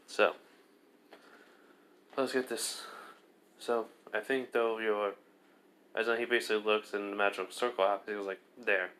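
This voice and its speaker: A man's voice: fairly low pitch, little pitch movement, moderate pace, pauses often, a bit bright. A man casually telling a fan fiction story, rambling with lots of fillers and restarts.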